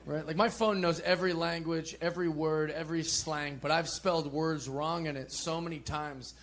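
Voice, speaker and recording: A man in his forties doing stand-up, with self-deprecating deadpan setups and shouted punchlines. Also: on the high side, normal speed. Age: 40s. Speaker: stand-up comedian. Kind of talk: stand-up routine. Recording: comedy club with crowd laughter and noise.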